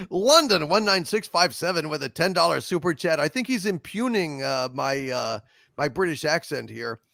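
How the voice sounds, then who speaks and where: A chatty man hosts a casual livestream about film, reading out viewer messages with animated energy. His voice is gravelly and a bit high, with a lively, swooping pitch. The sound is dry and close to the mic. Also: moderate pace, no echo. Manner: animated, chatty, laughs often. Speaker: podcast host.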